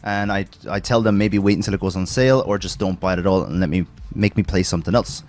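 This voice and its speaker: A man's voice: deep voice, steady tone, fast talker, a little mellow. A man hosting a casual gaming podcast, rambling through stories, laughing often and swearing casually. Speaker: streamer host.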